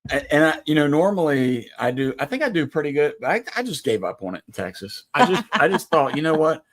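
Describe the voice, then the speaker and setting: A man's voice: fairly high pitch, very animated, brisk. A man co-hosting a casual livestream chat, easygoing and jokey. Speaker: livestream co-host. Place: Texas.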